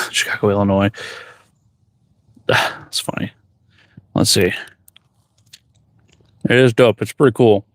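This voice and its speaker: A man's voice: fairly low pitch, steady tone, slow pace, pauses often, no room sound, studio quality. A man who is a blacksmith, chatting casually on a livestream from his forge workshop, rambling and reading viewer questions aloud.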